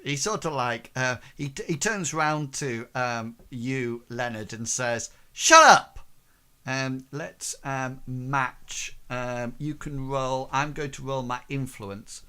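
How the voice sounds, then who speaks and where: A man narrates a tabletop game as game master, hesitant and full of fillers. He talks slowly, with a bright, forward tone. His voice sits at a middle pitch. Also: clean tone.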